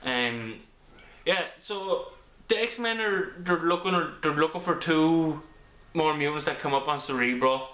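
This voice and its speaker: A man with a bright, forward voice, on the high side and unhurried, reviews a comic book in a casual, rambling way full of ums and restarts. He often stops to begin his sentences again. A camera mic captures him in an echoey room at home.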